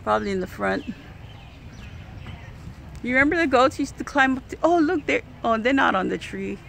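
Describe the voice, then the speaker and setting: Woman, high lively voice, playful animal-talk commentary outdoors. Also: normal speed, vocal fry, slight background noise. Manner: coos at animals in a playful sing-song voice. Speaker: vlogger filming a ranch visit. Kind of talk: casual running commentary.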